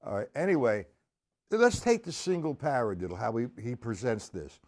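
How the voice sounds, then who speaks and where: A man's voice: mid-range voice, huge pitch swings, normal speed, darkish tone. A man giving a casual live-streamed drum lesson and chatting with viewers between exercises. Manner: casual, chatty, reads viewer comments aloud. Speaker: drum teacher. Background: drums played between talk.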